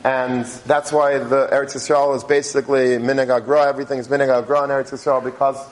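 A man giving a religious talk, telling a story in a halting way with many restarts. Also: mid-range voice, little pitch movement, low-quality recording. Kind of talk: sermon storytelling.

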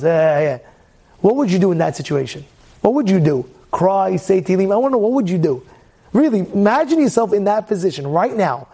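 High-voiced man telling an animated Torah lesson. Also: brisk. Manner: energetic, repeats rhetorical questions, sudden loud outbursts. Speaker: Torah teacher.

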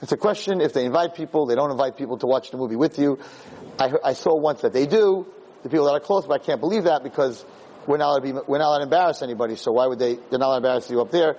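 A man who lectures on Jewish themes, delivering an animated, dramatic storytelling sermon. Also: mid-range voice, rapid-fire, low-quality recording.

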